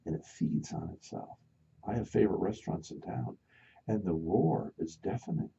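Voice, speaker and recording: A man hosting a live radio talk show, telling stories in a casual, animated way and acting out the voices of the people in them. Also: low voice, moderate pace, vocal fry, breathy edge. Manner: animated storyteller, acts out loud voices. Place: radio studio. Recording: dull lo-fi radio broadcast.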